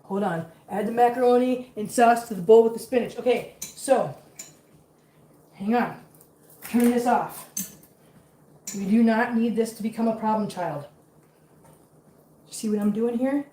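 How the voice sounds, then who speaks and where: A woman's voice: on the high side, measured pace, long pauses, dark tone, recorded from a distance. A woman vlogging as she cooks in her home kitchen, talking chattily to her viewers and cats and sounding a bit flustered. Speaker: cooking vlogger. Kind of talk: casual cooking chat to viewers. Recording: echoey kitchen, voice off-mic.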